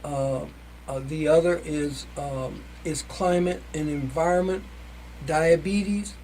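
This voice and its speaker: A guest on a local talk show speaks in a mellow, unhurried tone. The delivery is halting and full of filler pauses. A faint noise sits behind the voice. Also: medium pitch, poor audio. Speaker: service club guest. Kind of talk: casual interview.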